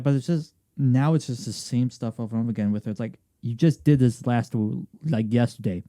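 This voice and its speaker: A man's voice: medium pitch, normal speed, dark tone, dry recording, clean studio sound. A young man co-hosting a podcast, rambling through casual chat with many restarts. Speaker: podcast co-host.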